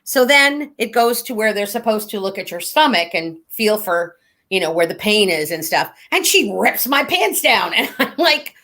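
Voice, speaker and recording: A woman's voice: mid-range voice, expressive, fairly bright tone. Rambling woman telling a story. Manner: rambling, halting with fillers, laughing through stories. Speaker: guest, standardized patient actor. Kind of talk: casual storytelling chat.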